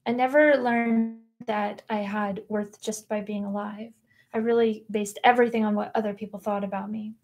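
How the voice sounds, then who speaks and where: A woman's voice: medium pitch, little pitch movement, normal speed, darkish tone. A woman guest on a podcast, telling her personal story in an earnest, reflective and candid way. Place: podcast recording room.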